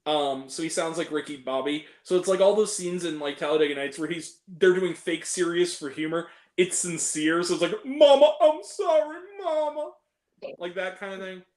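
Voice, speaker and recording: A man's voice: fairly high pitch, steady tone, a little fast, hardly any pauses, reverberant. A young man hosting a casual film review chat, ranting and swearing freely as he picks apart the movies he hated. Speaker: host.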